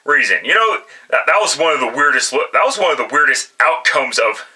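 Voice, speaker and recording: Sharp-voiced cursing football picks guy. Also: on the high side, lively intonation, brisk, poor audio. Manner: profane, blunt and frequently restarting sentences. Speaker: sports picks vlogger. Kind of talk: casual solo commentary.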